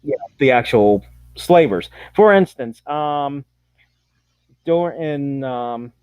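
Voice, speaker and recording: A man in a casual chat, explaining history in loose, halting asides. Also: mid-range voice, lively intonation, clean tone, no room sound. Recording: dry, dull lo-fi sound.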